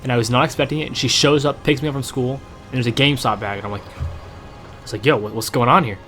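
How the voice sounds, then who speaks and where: A young man in his late teens talks through his gameplay at a home setup. He speaks at an average pitch into a desk microphone. His talk is loose and rambling, with plenty of ums and quick self-corrections. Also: fairly bright tone, soft background music. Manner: rambling, chatty, with many fillers and self-corrections. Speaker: gaming channel host. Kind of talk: casual let's-play commentary.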